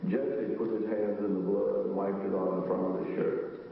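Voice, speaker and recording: Man, interviewee, halting, low voice, distant, very echoey, dull, hissy. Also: flat delivery, gravelly. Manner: halting, searching for words. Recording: roomy archive clip from far off, dull with hiss.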